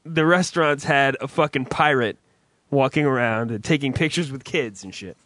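A man's voice: mid-range voice, moderate pace, a bit bright, dry recording. Laughing, profane man in casual chat. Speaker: podcast co-host.

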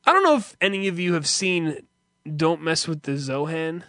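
A man telling an exasperated, profanity-laced comic story in an animated way. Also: a little high, normal speed, no room sound, clean studio sound. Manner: animated, exasperated, swears a lot.

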